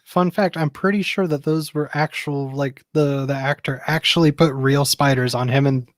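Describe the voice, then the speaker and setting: A man with a Southern US accent co-hosts a casual movie review show. He speaks at an ordinary middle pitch and jokes in a dry, wry way. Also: fairly even intonation, normal speed, dry recording. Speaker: podcast co-host.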